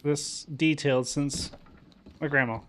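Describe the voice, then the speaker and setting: A man roleplaying a frontiersman in a casual, halting way, often trailing off mid-sentence. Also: on the high side, fairly even intonation, a little hiss or hum. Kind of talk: in-character roleplay chat.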